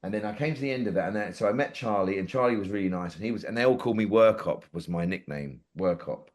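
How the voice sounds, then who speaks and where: A man's voice: fairly low pitch, quick pace. A man in his forties, a podcast guest telling rambling anecdotes with lots of swearing and acted-out quotes. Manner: rambling, lively, swears freely, acts out quotes. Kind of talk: casual anecdotal storytelling.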